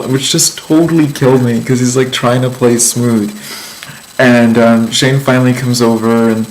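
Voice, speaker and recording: A man's voice: mid-range voice, steady tone, normal speed, darkish tone, slight background noise, poor audio. A man giving a casual vlog life update, telling a story in a chatty, meandering way with lots of ums and likes. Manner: amused storytelling. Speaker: vlogger.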